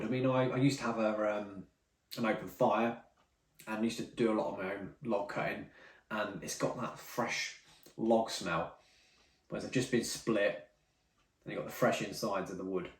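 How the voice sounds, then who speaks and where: A man chatting casually through tasting notes as a whisky reviewer, rambling and correcting himself as he goes. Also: fairly low pitch. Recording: roomy, mic at some distance.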